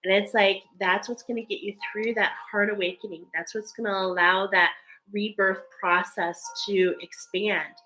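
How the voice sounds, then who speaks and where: A woman's voice: medium pitch, steady tone, moderate pace, pushed and bright, low-quality recording. A woman giving a spiritual card reading in an earnest, emotional way, reading card texts aloud between loose, filler-filled remarks. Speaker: tarot card reader.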